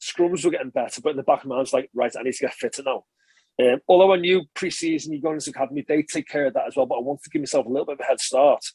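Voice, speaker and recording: A man, a former rugby player, recalls his career in a relaxed interview, rambling and correcting himself as he goes. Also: mid-range voice, rapid-fire, slightly rough, no echo. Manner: chatty, rambling recollection, frequent filler and self-correction. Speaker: former professional rugby player, podcast guest.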